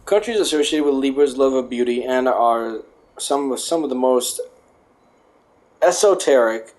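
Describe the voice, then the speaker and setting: A man's voice: medium pitch, lively intonation, unhurried, a little mellow. A man casually reading aloud, stumbling and correcting himself, and adding wry joking asides. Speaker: vlogger.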